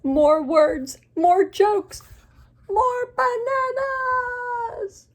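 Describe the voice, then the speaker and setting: A woman doing a panicky cartoon elephant. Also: exaggerated voice. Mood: pleading. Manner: loud, high, drawn-out exclaiming. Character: excitable male elephant, easily panicked.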